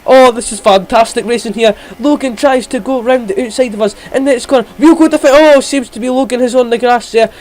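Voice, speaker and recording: A man giving excited, rapid play-by-play commentary on his own racing game, jumping up in pitch at the big moments. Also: low-quality recording.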